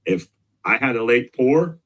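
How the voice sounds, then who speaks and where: A middle-aged man talking as a guest in an interview, energetic and emphatic, repeating his key points. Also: medium pitch, unhurried. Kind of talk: casual interview talk.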